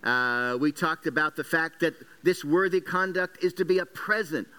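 A man delivers a sermon-style Bible lesson, stopping often with filler sounds as he walks through Greek word meanings. His voice is bright and forceful and comes across smooth and clear. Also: fairly high pitch, normal speed. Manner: teaching, many uh fillers, recaps and explains Greek words. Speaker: Bible teacher.

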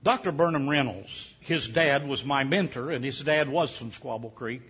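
A man's voice: medium pitch, moderate pace, a bit bright, husky. A man preaching a sermon, telling a folksy, humorous story with many hesitations. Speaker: pastor. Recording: dull lo-fi sound.

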